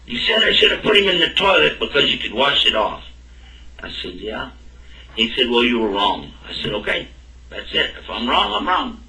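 A man's voice: mid-range voice, sing-song, moderate pace, sharp tone. A man telling a personal story in a talk, acting out both sides of the dialogue. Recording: roomy and distant from the mic.

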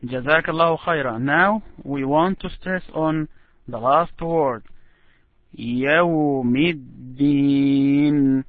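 A man guides a student through Quran recitation, modeling each phrase slowly and offering patient encouragement. His voice sits somewhat high. The audio is tinny and dry, like a video call line. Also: no echo. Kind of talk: online recitation lesson.

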